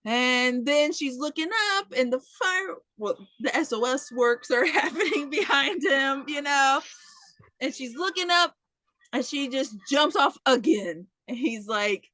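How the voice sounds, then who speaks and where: A woman's voice: high-pitched, a little slow, no room sound. A woman co-hosting a podcast, retelling a film in casual chat, acting out the characters' lines and swearing freely. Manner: animated storytelling, acting out quotes, swears freely. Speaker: podcast co-host. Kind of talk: casual movie recap chat.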